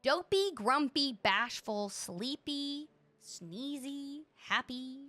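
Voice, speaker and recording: A woman streamer commenting excitedly on a game, gushing and thinking aloud as she tours player-made spaces. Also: high-pitched, slow, no room sound.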